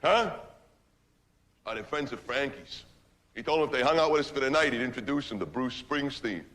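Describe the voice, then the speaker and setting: A man's voice: mid-range voice, expressive, brisk, fairly bright tone, natural voice. An actor playing a crude, stoned party guy who rambles through a dirty story, tagging lines with "man" and "right". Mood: rambling. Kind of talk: stage monologue.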